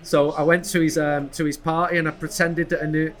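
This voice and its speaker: A man with a slightly high voice recounts a story casually. He rambles and restarts, relaxed and chatty. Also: fairly quick. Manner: rambling, hesitant, full of restarts. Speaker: podcast co-host.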